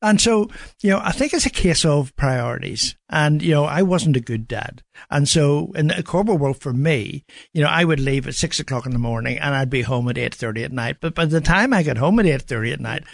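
Irish guy on radio, slightly high voice, dry studio sound, chatty storyteller. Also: animated, brisk, creaky, hardly any pauses, no room sound. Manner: storytelling, many "you know" fillers. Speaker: radio show host, guest.

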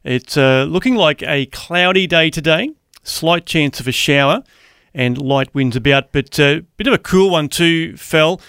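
A man's voice: fairly high pitch, a little slow, a bit bright, clean tone, no room sound, clean studio sound. Easygoing Australian man radio host. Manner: easygoing, chuckling, self-deprecating. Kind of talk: breakfast radio banter. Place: radio studio. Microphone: studio microphone.

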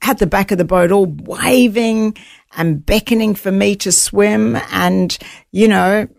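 A woman's voice: medium pitch, unhurried, vocal fry, no room sound, studio quality. A woman guest on an interview show, vividly retelling her own survival story. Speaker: guest, author.

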